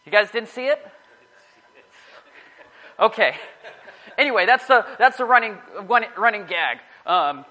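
Chatty high-voiced man preaching. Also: animated, measured pace, pauses often, bright, forceful tone, low-quality recording. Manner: rambling, self-correcting, chatty. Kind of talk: casual sermon to a small group.

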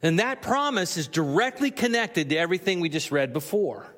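A male pastor with a high voice preaches earnestly to his congregation, his words growing more emphatic as he presses his point. His voice carries through the long reverb of a church sanctuary. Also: lively intonation, a little fast, a bit bright. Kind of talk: sermon.

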